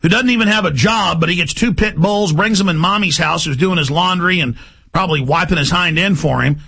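Male talk host, high gravelly voice, husky edge, ranting monologue delivery. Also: a little fast. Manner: forceful, ranting, emphatic repetition. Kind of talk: impassioned monologue.

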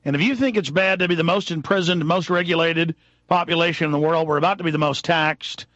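A man hosting a radio talk show, delivering a heated, angry political rant that builds into shouting. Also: on the high side, no room sound, lo-fi sound. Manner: fast, angry, rising to shouts. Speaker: radio host.

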